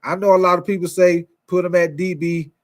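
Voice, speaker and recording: Man, fairly high voice, sports talk host, energetic, chatty with viewers. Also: a little fast. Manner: energetic, repetitive, calls out to viewers with 'y'all' and 'man'. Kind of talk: casual sports talk, addressing viewers and chat.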